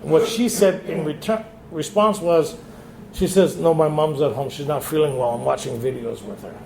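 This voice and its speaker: Man at a recovery retreat, high voice, echoey room with faint hiss; tells his story and acts out the dialogue. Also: moderate pace, gravelly, a little mellow. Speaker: retreat speaker. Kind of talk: recovery meeting share. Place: meeting hall.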